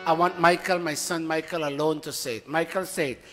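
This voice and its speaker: A middle-aged man leads a sermon with call-and-response chanting, moving from loud chant to hushed tones. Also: a little high, steady tone, a little fast. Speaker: spiritual teacher leading satsang. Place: large hall before a congregation. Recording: long hall reverb, faint music behind.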